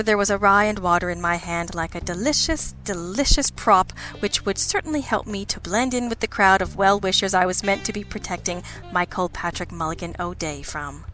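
A woman's voice: lowish voice, a bit bright. Woman narrating a wry audiobook. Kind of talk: first-person audiobook narration.

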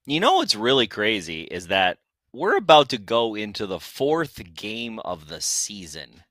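A man's voice: lowish voice, huge pitch swings, measured pace, sharp tone, no room sound. A man co-hosting a casual sports podcast, playful and incredulous as he tells stories. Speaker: podcast co-host.

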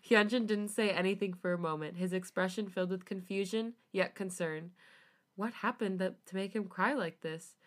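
A woman co-hosting a podcast, reading fanfiction aloud with an expressive delivery. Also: mid-range voice. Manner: expressive reading, quick to laugh. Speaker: podcast co-host.

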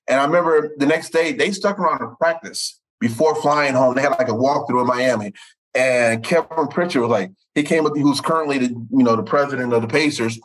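A man in his forties, a sportswriter, telling stories in an animated way and tripping over repeated words. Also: a little fast, low-quality recording. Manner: animated, repeats words, jumps up in pitch for quoted voices. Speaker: sportswriter guest. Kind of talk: storytelling in conversation.

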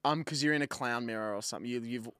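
A young man, co-hosting a podcast, teasing his friend and slowly dragging out riddle clues. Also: mid-range voice, a bit bright, clear, resonant tone, no echo, clean studio sound. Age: young adult. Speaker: podcast co-host. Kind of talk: casual banter.

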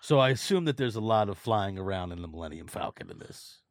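A man's voice: fairly low pitch, expressive, fast, dry recording, studio quality. A man hosting a podcast, chatting casually with guests, joking and swearing freely. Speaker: podcast host. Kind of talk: casual chat.

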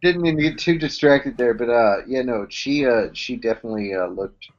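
A man's voice: mid-range voice, a little fast, dull audio. A man co-hosting a podcast in casual chat, throwing in crude jokes. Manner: crude, joking interjections. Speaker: podcast co-host.

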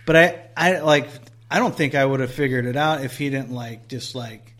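Brief: casual male storyteller, mid-pitched voice, loose and rambling with filler words and the odd curse. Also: fairly even intonation, normal speed, a bit bright. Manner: rambling storyteller, lots of "like", swears, acts out quotes. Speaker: angler telling a story. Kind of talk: casual chat.

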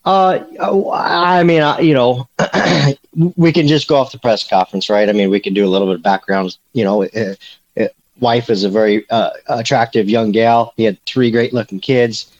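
A man's voice: medium pitch, steady tone, normal speed, highs cut off. A man co-hosting a casual sports podcast, rambling with lots of fillers and restarts. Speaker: podcast co-host, recruiting beat reporter.

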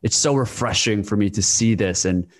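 A male podcast host with a fairly low voice. He keeps a relaxed, supportive tone and talks casually, with words like "dude" and "like". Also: moderate pace. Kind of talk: casual interview conversation.

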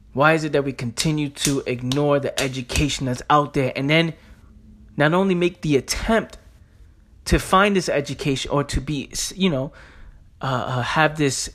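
New guy going off on his podcast, slangy and intense, kinda high voice. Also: fairly bright tone. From New York. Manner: emphatic, street slang, repeats phrases. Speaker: podcast host. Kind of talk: motivational podcast monologue.

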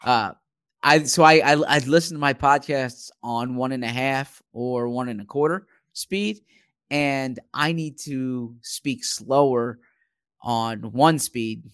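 A man's voice: mid-range voice, fairly bright tone, clean tone, dry recording. Guy cohosting a sports pod, keeps restarting his sentences, dry close mic. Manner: halting, many restarts and fillers. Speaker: podcast co-host, sports writer. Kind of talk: casual sports podcast chat.

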